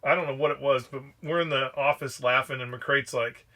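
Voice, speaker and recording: A man's voice: medium pitch, brisk. A man co-hosting a casual podcast, telling profane anecdotes about old friends and acting out their lines. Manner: profane, animated anecdotes with acted quotes. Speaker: podcast co-host. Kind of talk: casual storytelling.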